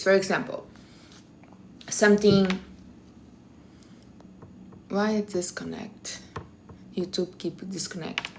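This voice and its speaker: A woman's voice: mid-range voice, fairly even intonation, takes it slowly, pauses often, a little mellow, a little hiss or hum. A woman hosting a casual live stream, giving blunt, teasing advice in non-native English phrasing. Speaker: livestream host.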